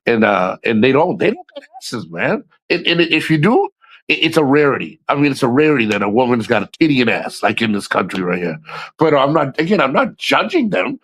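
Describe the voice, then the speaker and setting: A man's voice: mid-range voice, fairly bright tone. A man from the United States chatting casually on a livestream, rambling and crude, laughing often. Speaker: streamer.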